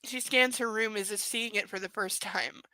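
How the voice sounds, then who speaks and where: Woman doing a live book reading, crisp bright voice, snarky side comments, dry close sound. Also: medium pitch, fairly even intonation, moderate pace, no room sound, rough recording. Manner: sarcastic asides, laughing at the text. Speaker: reader.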